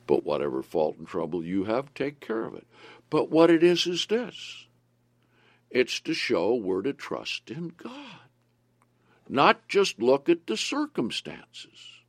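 A man's voice: medium pitch, wildly swooping pitch, takes it slowly, no room sound. A man preaching a sermon, retelling scripture scenes with emphasis and repeating key phrases for his listeners.

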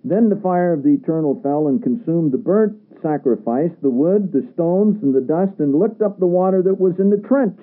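A man's voice: a little high, animated, moderate pace, few pauses. A man preaching a sermon, reading scripture aloud and pressing his listeners with emphatic rhetorical questions. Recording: tinny radio broadcast sound.

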